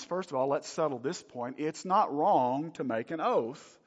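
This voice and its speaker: A man preaching a sermon with a lively, swooping delivery, leaning hard on key words and tossing questions out to the congregation. His voice rings with a long reverb from a church hall, and the recording sounds somewhat dull. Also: mid-range voice. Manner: emphatic, animated preaching with rhetorical questions. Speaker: pastor.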